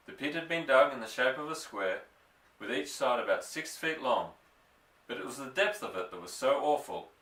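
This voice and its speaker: This storybook narration comes from a male audiobook reader whose mid-range voice sounds bright and forward. His delivery is animated and expressive, easing its pace when the tale turns suspenseful. The mic picks him up from a distance, a little back from it, and a spacious echo follows.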